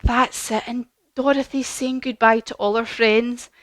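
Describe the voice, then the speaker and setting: A woman teaching a children's yoga class, telling a story in an animated, encouraging, sing-song manner. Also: fairly high pitch, a little slow, no room sound.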